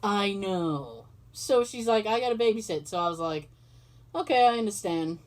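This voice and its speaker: A woman's voice: mid-range voice, animated, moderate pace. A woman hosting a podcast, casually telling a story and acting out both sides of the conversation, swearing freely. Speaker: podcast host. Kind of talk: casual chat.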